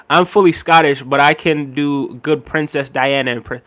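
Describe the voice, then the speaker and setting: Man on a casual livestream, somewhat high voice, rambles and laughs, talks right to chat. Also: fairly even intonation, a little slow, fairly bright tone. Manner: rambling and chatty, laughs often, addresses viewers directly.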